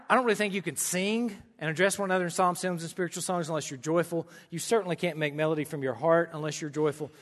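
Man, american country accent, high voice, emphatic sermon, long church-hall echo. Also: a bit bright. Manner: emphatic preaching with folksy humorous asides. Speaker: pastor.

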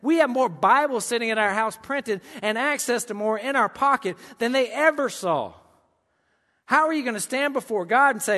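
A man's voice: very high-pitched, animated, normal speed, sharp tone, long reverb tail. A man with an American country accent preaching a sermon in a church, emphatic with folksy humorous asides. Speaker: pastor.

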